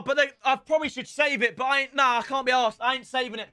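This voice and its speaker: A young man streaming a football video game, chatting to the lads in cheeky banter and breaking into loud outbursts. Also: very high-pitched, fairly even intonation, fast talker, clean tone, dry recording, studio quality. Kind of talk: gaming stream commentary. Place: home room with builders' noise outside. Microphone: headset.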